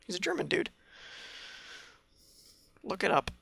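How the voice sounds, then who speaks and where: A man co-hosting a podcast in casual chat, insistent and quick to laugh. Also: high voice, big pitch swings, gravelly, a bit bright, breathy edge, no room sound. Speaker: podcast co-host.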